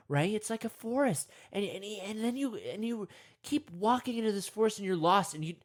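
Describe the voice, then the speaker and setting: Rambling man in a comic meditation monologue. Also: moderate pace. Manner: rambling, self-talking, jumps into high excited voices.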